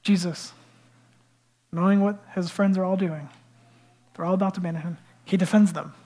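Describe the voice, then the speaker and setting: A man preaching a sermon as pastor, retelling a story in an animated, conversational way. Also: high voice, normal speed. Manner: animated storytelling, swinging between hushed and loud.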